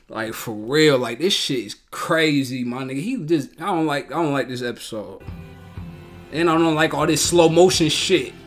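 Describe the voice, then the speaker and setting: In a fairly high, sharp voice, a man hosts a show reaction, giving casual commentary. He talks bluntly in profane slang and keeps repeating himself in heated outbursts.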